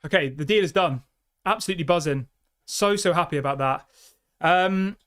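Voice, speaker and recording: Excitable football fan on a live stream. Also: male voice, a little high, moderate pace. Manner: excitable, chatty, reads viewer comments. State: out of breath. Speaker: fan channel host.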